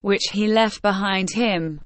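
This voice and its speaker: Officious court clerk man read by a woman, fussy and explaining, slow. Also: medium pitch, no echo, close to an everyday voice.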